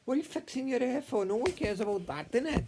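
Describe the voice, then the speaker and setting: A man's voice: very high-pitched, expressive, quick pace, creaky, background noise. A man bickering in an improvised comedy sketch, putting on an accent that drifts between Welsh and Scouse, swearing constantly and ending lines with innit, recorded on a tablet camera. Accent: put-on mix of Welsh and Scouse.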